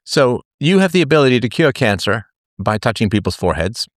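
A livestream host with a medium-pitched, sing-song voice talks fairly quickly, chatting casually and reading out viewer comments. He rambles in a self-mocking, joking way, full of fillers and restarts, recorded in clean studio sound with no room echo.

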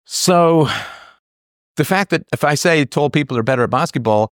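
A man hosting a solo show, arguing his point in animated, sarcastic commentary with laughing asides. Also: mid-range voice, unhurried, long pauses, dry recording, studio quality. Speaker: host.

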